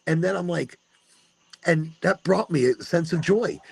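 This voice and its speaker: A man's voice: on the high side, a little slow, gravelly, slightly rough, no echo. A man in his forties hosting a podcast, talking casually and swearing, acting out what he tells himself in the mirror. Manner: animated, swears, acts out his own inner talk. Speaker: podcast host. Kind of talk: casual monologue.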